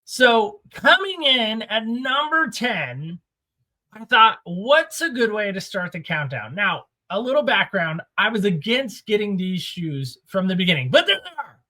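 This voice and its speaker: A man with a slightly raised pitch hosts a casual countdown vlog. He talks in a relaxed, chatty way and playfully builds suspense before each reveal. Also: a little slow. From Oregon. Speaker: host of a sneaker countdown show. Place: small home studio.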